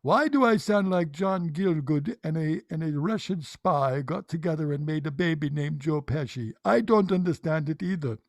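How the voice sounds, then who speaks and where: A man's voice: fairly high pitch, expressive, normal speed, hardly any pauses, no echo, studio quality. A man voicing an eccentric, pompous male psychiatrist with a strange mixed accent who rambles. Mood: rambling. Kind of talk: comedy character bit.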